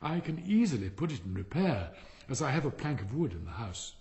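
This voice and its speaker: A man's voice: medium pitch, big pitch swings, brisk, a little mellow, big-room sound. A man voicing a simple, humble young gardener who speaks meekly and eagerly.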